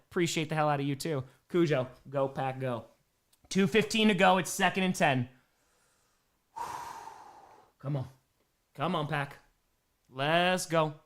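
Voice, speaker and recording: A man hosting a live play-by-play reaction stream, excitable and swinging from tense muttering to shouting, reading out and thanking viewer donations between plays. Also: sits high. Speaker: streamer and host.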